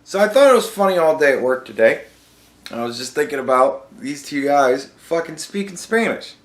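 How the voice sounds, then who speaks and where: A man's voice: fairly high pitch, big pitch swings, normal speed, reverberant. A man hosting a podcast, telling a story in a casual, profane rant and reacting with disbelief. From United States. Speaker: podcast host. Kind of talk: casual ranting monologue.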